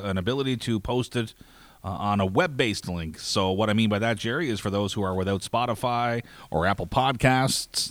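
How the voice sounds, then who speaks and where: A man hosting a casual podcast, talking in an easygoing way with many pauses. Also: on the low side, a bit bright, dry recording. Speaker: podcast host.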